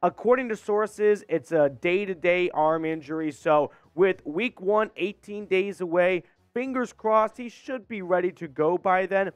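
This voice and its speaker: A man's voice: high voice, unhurried, few pauses, clean tone, no echo. Congested man hosting sports news. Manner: conversational, explains with asides and questions. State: congested from a cold. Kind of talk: casual sports news commentary.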